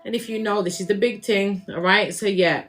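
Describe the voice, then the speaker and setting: A woman's voice: medium pitch, fairly even intonation, brisk, very noisy. A woman giving a casual spiritual reading to her viewers, chatty and laughing, sometimes swearing and slipping into slang. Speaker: spiritual reader.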